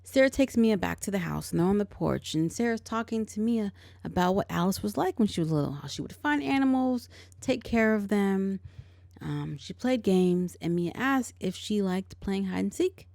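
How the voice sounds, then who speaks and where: A woman's voice: mid-range voice, lively intonation, moderate pace, vocal fry, a little mellow, dry recording, clean studio sound. A woman hosting a film recap podcast, retelling the plot casually with sarcastic asides and acted-out quotes. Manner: chatty, sarcastic asides, acts out lines from the film.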